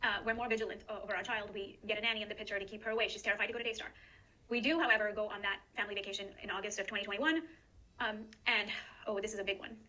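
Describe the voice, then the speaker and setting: A woman's voice: medium pitch, fairly even intonation, very fast, pushed and bright, poor audio. A mother giving an earnest, emotional personal statement about her family. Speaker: guest in a recorded statement. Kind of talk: personal testimony.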